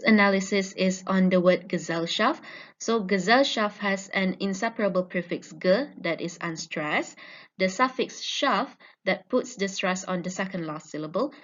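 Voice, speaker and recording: A woman student giving an academic presentation on her research, explaining slowly with frequent ums. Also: mid-range voice, a bit bright. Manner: measured, explanatory with fillers. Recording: dull lo-fi recording.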